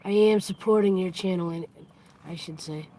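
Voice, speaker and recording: A woman's voice: lowish voice, normal speed, dark tone, low-quality recording. A woman hosting a casual live stream, chatty, greeting and thanking her viewers as they come in.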